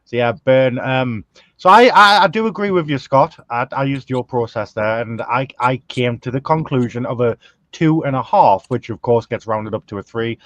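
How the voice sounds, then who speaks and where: A man's voice: mid-range voice, normal speed, fairly bright tone, dry recording. A man hosting a casual podcast chat, hesitant and full of ums, who swears casually. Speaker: host.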